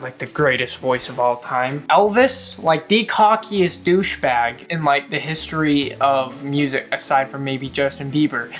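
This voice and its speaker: A young woman vlogging in a casual chatty way, now and then breaking into bits of song. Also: low voice. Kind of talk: casual chat.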